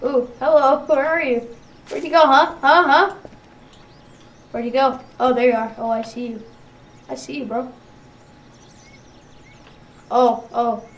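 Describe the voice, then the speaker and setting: A woman's voice: high voice, steady tone, a little slow, pauses often. A young woman chatting casually while playing a game, giggly and teasing, recorded on a distant mic with background noise. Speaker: gamer.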